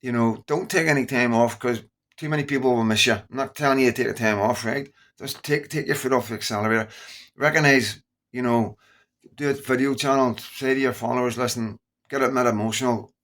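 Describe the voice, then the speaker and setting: A man's voice: mid-range voice, fairly even intonation, brisk, a bit bright. Scottish male vlogger, middle-aged, earnest, rambling direct-to-camera talk. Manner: earnest, rambling, repeats phrases. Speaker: YouTuber. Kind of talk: casual straight-to-camera talk.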